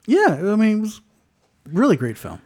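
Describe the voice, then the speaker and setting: A man co-hosting a podcast in a casual movie-review chat, talking with many restarts and fillers and acting out quoted lines with big jumps in pitch. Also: huge pitch swings, fairly quick, warm tone. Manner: lots of restarts and filler words. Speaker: podcast co-host.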